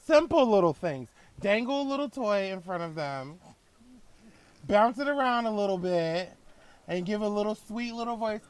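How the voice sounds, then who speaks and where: A man co-hosts a chatty podcast with a slightly high voice. His remarks are blunt and sassy, with dry asides and plenty of swearing. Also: lively intonation, moderate pace, smooth, no room sound. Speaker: podcast co-host. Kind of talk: casual chat.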